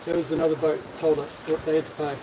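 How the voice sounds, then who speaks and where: Kiwi male sailing vlogger, upbeat and rambling, fairly high voice, live from the deck with wind noise. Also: little pitch movement, fast talker. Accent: New Zealand. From New Zealand. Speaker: sailing vlog host. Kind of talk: casual live-stream chat. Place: on a sailboat at sea, outdoors.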